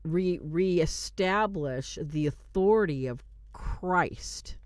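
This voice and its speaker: A woman hosting a show, retelling a film in casual, animated commentary with fillers and restarts, turning earnest when she draws lessons. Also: fairly low pitch, drawn-out words, dry recording. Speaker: host reviewing a film.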